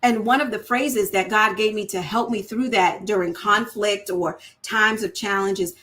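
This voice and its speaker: A woman's voice: mid-range voice, steady tone, measured pace, few pauses, a bit bright. A woman hosting a candid, faith-based talk on marriage, speaking earnestly and conversationally and acting out example phrasings in shifting tones. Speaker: host of a faith-based women's channel.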